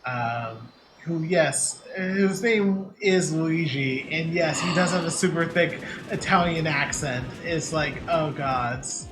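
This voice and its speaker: A man's voice: a little high, takes it slowly, hardly any pauses. Rambling man chatting over game music. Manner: rambling, hesitant, many fillers. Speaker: co-streamer giving game tips. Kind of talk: casual chat.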